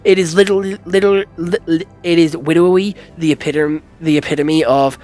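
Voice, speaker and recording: A man's voice: fairly high pitch, brisk. A man casually reviewing a film in a blunt way, swearing a lot, stumbling over restarts and calling people "dog".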